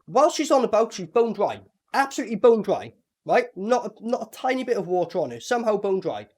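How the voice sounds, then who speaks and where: Swearing, animated man reviewing a film. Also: high voice, fast. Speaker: movie reviewer. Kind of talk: casual movie review chat.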